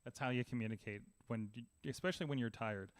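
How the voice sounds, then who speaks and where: A man hosting a live podcast, chatting casually and laughing easily with his co-host. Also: medium pitch. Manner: lively, chatty, quick to laugh.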